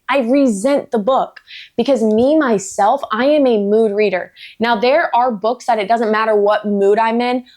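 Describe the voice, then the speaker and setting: A woman book vlogger with a medium-pitched, darkish voice delivers a casual rant. She's blunt and emphatic, swears freely, and tosses in playful jokes at her own expense.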